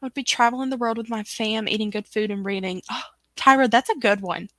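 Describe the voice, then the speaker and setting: Chatty woman, bright voice. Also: fairly high pitch, fast talker, no room sound. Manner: chatty, reads viewer comments aloud. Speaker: book club host. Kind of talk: casual livestream chat.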